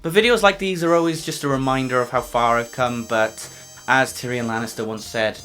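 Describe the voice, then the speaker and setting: Guy reacting to his old vid, wry and self-mocking, crisp bright voice. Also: medium pitch, a little fast, hardly any pauses, faint music behind. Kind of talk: casual reaction commentary.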